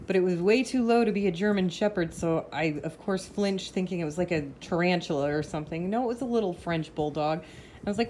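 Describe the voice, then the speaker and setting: A woman's voice: medium pitch, fast talker, darkish tone, slight background noise. A woman casually chatting to the camera at home, telling stories and now and then breaking off to scold her dogs. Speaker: vlogger. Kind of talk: casual chat. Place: home with pets.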